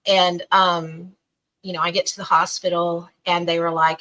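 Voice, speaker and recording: A middle-aged woman tells a long personal story on a podcast, voice bright and forward, pitched a little low. She talks animatedly and slips into the voices of the people she quotes. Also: level tone, moderate pace, poor audio. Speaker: guest.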